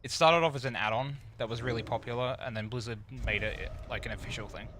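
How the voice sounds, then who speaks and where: A man's voice: medium pitch, quick pace, background noise. A man streaming an online game, chatting casually in a loose, rambling way with plenty of fillers. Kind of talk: casual chat while gaming.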